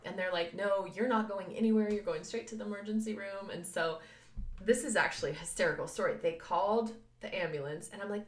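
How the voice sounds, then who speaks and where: A young woman co-hosting a podcast, telling a story in a lively way with lots of laughter and acted-out voices. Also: medium pitch, a little fast. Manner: animated, laughing, acts out voices of others. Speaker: podcast co-host. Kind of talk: casual storytelling chat. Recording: echoey room.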